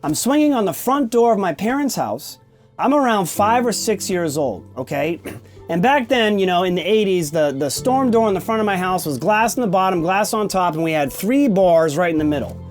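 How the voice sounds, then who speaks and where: High-voiced man telling a candid story. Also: animated, normal speed, soft background music. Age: 40s. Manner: emphatic, keeps checking in with "okay?"; blunt, swears casually. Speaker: podcast host. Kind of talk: candid personal storytelling monologue.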